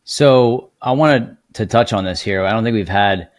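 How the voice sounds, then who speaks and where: A man with a low voice hosts a podcast interview, recorded dry and close. He asks long questions that wander, with lots of pauses and fillers. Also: dry recording. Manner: rambling, hesitant questions with many fillers. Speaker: podcast host.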